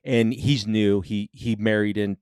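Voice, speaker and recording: A man's voice: fairly low pitch, measured pace, clear, resonant tone, dry recording, studio quality. A man in his forties hosting a podcast, telling stories in casual chat with swearing and acted-out quotes. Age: 40s. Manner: animated, swearing, acts out quotes. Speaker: podcast host.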